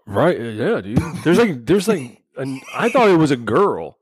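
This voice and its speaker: Crude, animated man telling stories. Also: mid-range voice, a little slow, husky, no echo, studio quality. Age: adult father. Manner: crude, animated storyteller who acts out dialogue. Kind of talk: casual storytelling chat.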